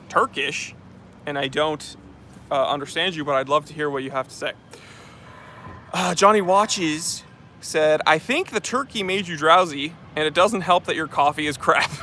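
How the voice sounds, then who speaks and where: A man's voice: fairly high pitch, pushed and bright, slight background noise. A man from New Hampshire hosting a casual livestream outdoors, reading chat aloud in an affected posh English accent, joking and rambling with many fillers. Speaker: channel host reading live chat. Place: outdoors on a street. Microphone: phone on a handheld tripod.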